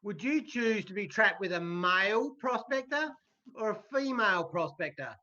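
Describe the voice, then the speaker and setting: Australian caller, high and sharp, teasing, lo-fi video-call sound. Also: male voice, expressive, normal speed. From Tasmania, Australia. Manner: teasing, playful. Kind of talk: joking call-in chat. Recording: dull lo-fi call audio with faint noise.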